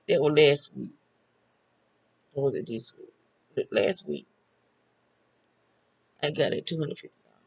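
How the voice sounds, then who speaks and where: In a low-quality recording, an older woman with a deep voice chats alone on camera as a vlogger. She tells family stories in a casual monologue, laughing often and talking back and forth with herself.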